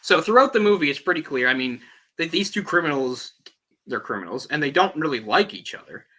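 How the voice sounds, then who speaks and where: Guy with a super bright tense voice, casual animated movie chat. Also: fairly high pitch, brisk. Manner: animated, acts out quoted lines. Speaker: podcast host. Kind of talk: casual film discussion.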